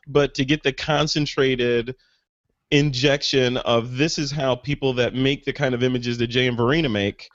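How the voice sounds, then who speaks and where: A man hosts a casual photography podcast in a mid-pitched voice, talking with rambling enthusiasm. The sound is dry and a little dull, like a remote call. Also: steady tone, normal speed, dry recording. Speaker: podcast host. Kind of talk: casual interview chat.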